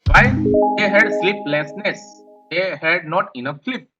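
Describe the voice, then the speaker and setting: A man's voice: sits high, measured pace, lo-fi sound, loud music behind the voice. A man with an Indian English accent giving a classroom lecture, explaining points and repeating them. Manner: repetitive, explanatory, rephrases points.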